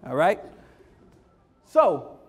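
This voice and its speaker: A man leading a parent workshop, talking with lively call-and-response energy and repeating his key phrases for emphasis. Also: a little high, drawn-out words. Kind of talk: energetic motivational workshop talk.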